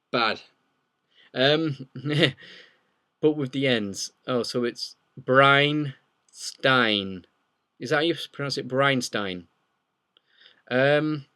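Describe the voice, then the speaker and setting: A man's voice: medium pitch, a bit bright. A young man hosting a casual live Q&A, rambling and joking as he reads viewer questions aloud. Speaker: livestream host.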